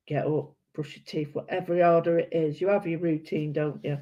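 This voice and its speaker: A woman's voice: on the low side, fairly even intonation, moderate pace, hardly any pauses, mellow. A British woman chatting casually and rambling while she colours, often correcting herself. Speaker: art vlogger. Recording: dull lo-fi sound.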